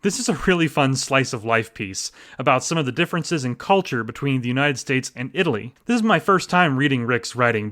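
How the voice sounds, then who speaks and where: A man in his thirties hosts a podcast, recommending stories he enjoyed in a casual, chatty way while poking fun at himself. His voice is mid-range with a fairly bright tone, and he comes across as enthusiastic and self-deprecating.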